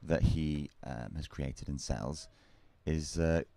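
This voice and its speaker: A man doing live surf contest commentary in a measured way, reading out scores, standings and results. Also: very deep voice, vocal fry, warm tone, no echo.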